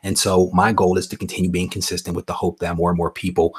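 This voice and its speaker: A man with a low, husky voice talks on a live comics stream. He mixes teasing jokes with earnest talk about staying consistent and drawing inspiration from others. His delivery is casual and conversational. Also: flat delivery, fast. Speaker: guest YouTuber.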